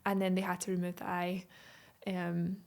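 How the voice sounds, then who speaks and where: A Scottish woman in her twenties, a podcast guest telling casual stories in an animated, chatty way and laughing often. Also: on the low side, normal speed, vocal fry, background noise. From Scotland. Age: 20s. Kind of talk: casual chat.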